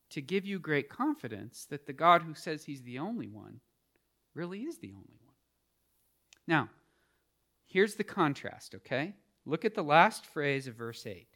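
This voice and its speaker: A man preaching a sermon as a pastor, animated and emphatic, asking the congregation questions and calling for responses. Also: fairly high pitch. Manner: animated, rising to emphatic peaks.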